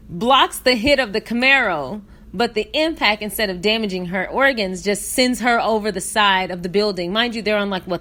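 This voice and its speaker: A woman with an ordinary middle-pitched voice hosts a podcast, narrating a funny clip. She tells it with lively comic energy and keeps breaking into laughter. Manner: animated, laughing storyteller. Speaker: podcast host. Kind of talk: comedic story recap.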